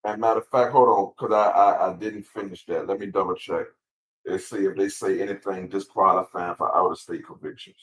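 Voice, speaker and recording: A man's voice: low voice, steady tone, fairly quick, fairly bright tone, rough recording. A man hosting a casual livestream, reading legal text aloud and answering viewers' chat in a laid-back way with lots of repeated words. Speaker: channel host answering live chat.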